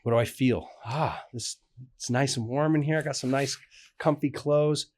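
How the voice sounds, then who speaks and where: Measured male coach explaining ideas. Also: mid-range voice, darkish tone. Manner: measured, teacherly, asks rhetorical questions. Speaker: life coach and guest. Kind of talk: podcast interview.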